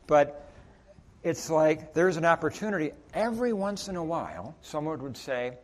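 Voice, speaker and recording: A man preaching a sermon in a church sanctuary, telling stories in an animated way and acting out both sides of short exchanges, then leading a prayer. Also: fairly high pitch, normal speed.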